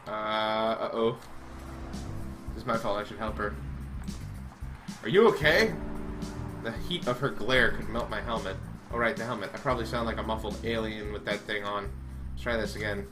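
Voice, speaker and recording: A man's voice: on the low side, level tone, fast, over music. A man reading a visual novel aloud, dramatic and full of sarcastic asides. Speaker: game reader.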